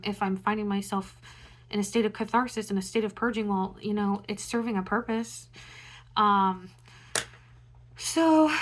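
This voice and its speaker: A young woman talking to camera in a loose, reflective monologue, full of fillers and restarts. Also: mid-range voice. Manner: meandering, many fillers like "um" and "you know". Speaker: astrology vlogger.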